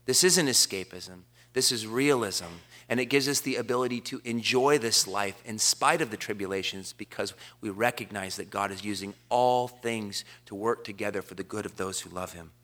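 A man delivers an impassioned sermon to his congregation in a bright, forceful voice. He slows to stress key lines and lets his declarations build. His pitch sits in a middle range for a man. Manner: builds to emphatic, slowed declarations; quotes scripture in a measured cadence. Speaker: pastor.

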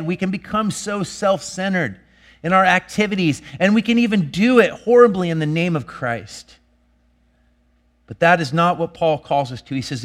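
A man preaching a sermon as a pastor, earnest, swinging between emphatic bursts and hushed lines. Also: on the high side.

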